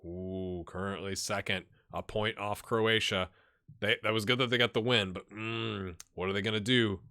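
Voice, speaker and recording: A man's voice: lowish voice, steady tone, moderate pace, sharp tone, no echo, clean studio sound. A man hosting a gaming channel, casually commenting on a management game, chatty and thinking aloud with rhetorical questions.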